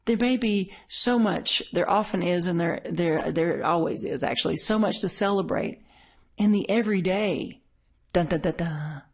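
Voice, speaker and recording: A middle-aged woman minister giving a conversational, story-filled sermon. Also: lowish voice. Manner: conversational, storytelling, laughs often.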